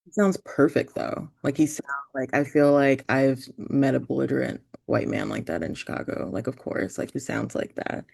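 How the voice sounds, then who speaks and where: A woman's voice: a bass voice, moderate pace, vocal fry, darkish tone, slightly rough, dry recording. A woman filmmaker chatting as a podcast guest, rambling with lots of fillers and trailing thoughts. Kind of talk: casual podcast chat. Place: remote from the hosts, in New York.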